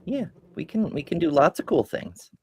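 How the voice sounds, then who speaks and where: A woman's voice: low-pitched, sing-song, normal speed, darkish tone, slightly rough, dry recording. A woman co-hosting a podcast, reading out viewer comments and answering them in a frank, casual way. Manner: reads out chat messages, then comments with frank, blunt remarks. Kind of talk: casual chat.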